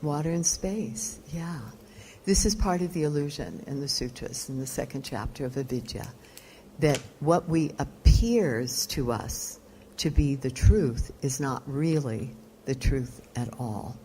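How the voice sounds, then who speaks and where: Low-voiced woman lecturing on yoga. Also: unhurried, warm tone, a little hiss or hum. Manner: explanatory, asks the audience questions. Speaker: yoga teacher giving a lecture. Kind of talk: live lecture to an audience. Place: retreat lecture room.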